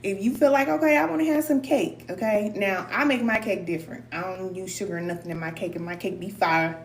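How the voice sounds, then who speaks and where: A woman's voice: fairly low pitch, brisk. A woman hosting a live stream as a spiritual teacher, talking casually and encouragingly to viewers, calling them cousin and repeating herself for emphasis. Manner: loose colloquial speech. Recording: echoey room, distant mic, faint hum.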